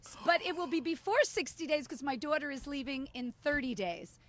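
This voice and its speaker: A woman's voice: sits high, a little fast, no echo. A middle-aged woman co-hosting a casual podcast, telling stories and acting out the other people's lines. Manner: animated storyteller acting out dialogue. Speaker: podcast co-host. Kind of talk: casual chat.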